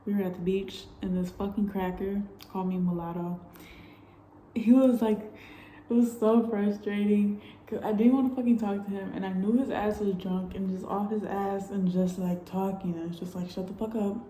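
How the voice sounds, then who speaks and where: Young woman vlogger, dark roomy sound. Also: medium pitch, moderate pace, slight background noise. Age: young adult. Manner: candid, animated storytelling with frequent swearing and laughs. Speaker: travel vlogger. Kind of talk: casual storytelling vlog.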